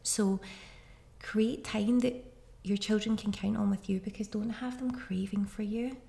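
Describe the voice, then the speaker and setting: Gravelly-voiced woman giving parenting advice. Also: medium pitch, steady tone, unhurried, mellow. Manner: chatty and reassuring, speaks directly to listeners. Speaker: podcast host. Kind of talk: casual parenting advice monologue.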